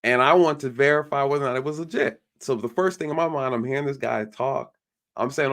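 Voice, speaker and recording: A man's voice: medium pitch, a little fast, a bit bright. A man doing casual online commentary, ranting in an exasperated, irritated way to his viewers. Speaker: YouTube commentator.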